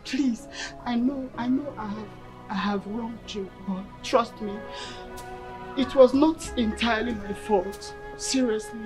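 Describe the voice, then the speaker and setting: A woman's voice: a little high, unhurried, over music, natural voice. An actress playing a guilty young woman who stammers as she begs forgiveness. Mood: begging. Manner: begging, stammering. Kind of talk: film acting.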